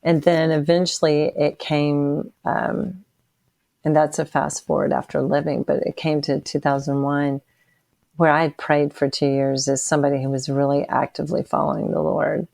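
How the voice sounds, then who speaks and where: Podcast guest: a woman in her sixties with a low, gravelly voice, halting and emotional as she tells her testimony. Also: little pitch movement, a little mellow, no room sound. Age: 60s. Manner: halting and emotional, with frequent restarts. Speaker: interview guest. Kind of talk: personal testimony in a podcast interview.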